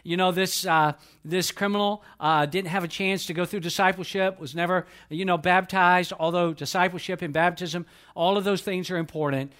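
Man preaching a sermon, high voice. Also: fairly even intonation, a bit bright. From Georgia, US. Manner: earnest storytelling, slows down to quote scripture. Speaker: pastor.

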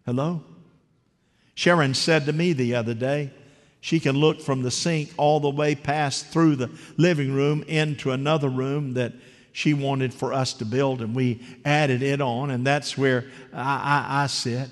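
A man's voice: mid-range voice, steady tone, a little slow. A man preaching a conversational, story-driven sermon who keeps asking the congregation questions. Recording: long hall reverb.

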